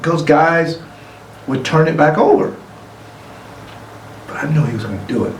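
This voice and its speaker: A middle-aged man giving an award acceptance speech, telling a lively anecdote and acting out other people's lines. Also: fairly high pitch, moderate pace, pauses often. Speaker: award honoree. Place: room, recorded for a virtual gala. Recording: echoey room, distant mic, faint noise.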